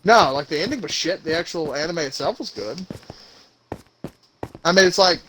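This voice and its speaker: Casting: young male podcast co-host, high voice, profane ranter, faint background hiss. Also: normal speed. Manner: ranting, profane, animated. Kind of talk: casual chat.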